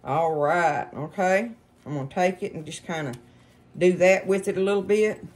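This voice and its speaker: A woman's voice: lowish voice, normal speed, darkish tone, slight background noise. A woman hosting a casual home cooking demonstration in her kitchen, chatting folksily and calling her viewers y'all. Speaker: cooking show host.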